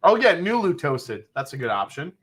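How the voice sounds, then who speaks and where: Stream host: lively, bright male voice, loose and profane. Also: a little high, moderate pace, husky. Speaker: livestream host. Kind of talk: casual live chat.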